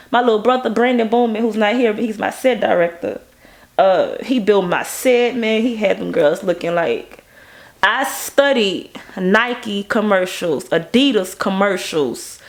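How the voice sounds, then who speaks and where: Gravelly woman telling stories. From Baton Rouge, Louisiana. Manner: animated, acts out quoted people in a higher voice. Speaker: music video director. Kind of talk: casual interview storytelling.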